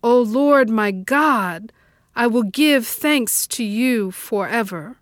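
Woman lector, slow and measured, higher voice, dry close sound. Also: expressive, no echo. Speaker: scripture reader. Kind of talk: liturgical scripture reading.

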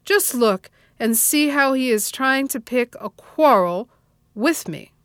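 Slow, measured woman reading scripture. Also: sits high, animated, fairly bright tone, no room sound, studio quality. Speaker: scripture reader.

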